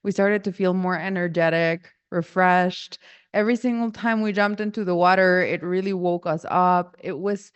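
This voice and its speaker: A woman's voice: on the low side, fairly even intonation, normal speed, clear, resonant tone, no room sound. A young woman from Guatemala, telling a family story in a casual, rambling way and often correcting herself mid-sentence. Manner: rambling, self-correcting, acts out quoted voices. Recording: dull lo-fi audio.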